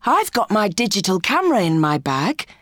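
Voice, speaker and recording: A woman's voice: mid-range voice, big pitch swings, normal speed, fairly bright tone, dry recording, studio quality. A woman voicing a keen schoolboy who speaks in an eager, urgent way.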